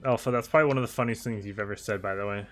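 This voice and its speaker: A young man chatting casually on a game livestream, reading viewer messages aloud, talkative and animated with frequent laughter. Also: fairly low pitch, racing, soft background music. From United Kingdom. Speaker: streamer.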